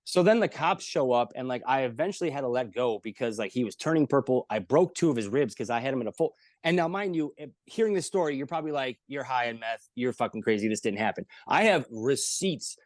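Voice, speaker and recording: A man's voice: medium pitch, animated, quick pace, few pauses, no room sound, studio quality. A man, a comedian guest on a podcast, telling a long story in casual chat, rambling and profane with lots of filler words.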